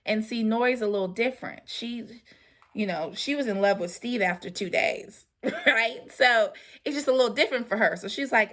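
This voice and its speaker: A woman's voice: a little high, normal speed, a bit bright. A young adult woman hosting a casual recap of a reality show, talking in a chatty way with lots of fillers and the odd sigh. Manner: chatty, with many fillers and sighs.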